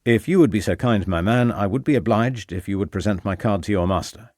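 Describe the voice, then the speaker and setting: Brief: polite, reserved male detective, voiced by the narrator, formal and low-key. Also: brisk, darkish tone, no echo, clean studio sound, lightly acted. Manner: formal, courteous.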